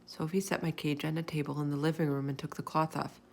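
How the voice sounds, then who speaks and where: A woman reading a children's chapter book aloud in an expressive, animated storytelling manner. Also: low-pitched, fast talker, vocal fry, slight background noise.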